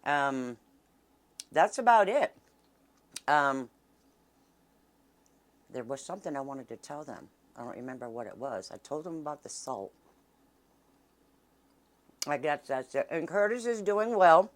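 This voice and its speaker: A woman's voice: deep voice, sing-song, measured pace, pauses often. A middle-aged woman, chatting homily as she hosts her cooking vlog and eats along. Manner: homey, chatty, talks while eating. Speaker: cooking channel host. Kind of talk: casual cooking vlog chat.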